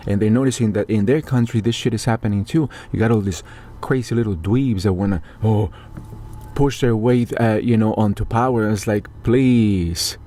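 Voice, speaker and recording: A man's voice: lowish voice, normal speed, dark tone. A man from Mexico delivering a heated, profane political rant, indignant and sarcastic as he talks straight to his viewers. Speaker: political commentator.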